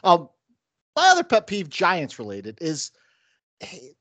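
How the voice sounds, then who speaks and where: A man's voice: sits high, huge pitch swings, takes it slowly, a bit bright, dry recording. Ranting man with upstate New York accent. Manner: ranting, mimics fans in sudden bursts. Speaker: podcast host. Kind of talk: casual sports chat.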